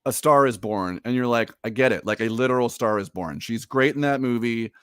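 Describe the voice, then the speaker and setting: A man's voice: medium pitch, brisk, smooth, no room sound, clean studio sound. A man co-hosting a podcast, chatting casually and animatedly, often laughing and reading quotes aloud. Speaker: podcast co-host. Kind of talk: casual chat.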